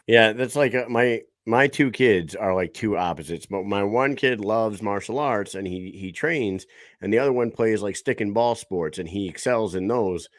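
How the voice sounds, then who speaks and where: A man's voice: on the low side, normal speed, dry recording. Laid-back man swearing through a story. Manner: loose, profane storytelling with acted-out quotes. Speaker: podcast host. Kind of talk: casual interview chat.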